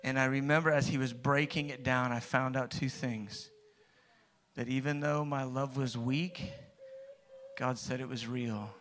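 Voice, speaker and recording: A man's voice: mid-range voice, fairly even intonation, measured pace, a bit bright, slight background noise. A man preaching, telling his own story in a conversational way, with restarts that build to emphatic peaks. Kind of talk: personal testimony sermon.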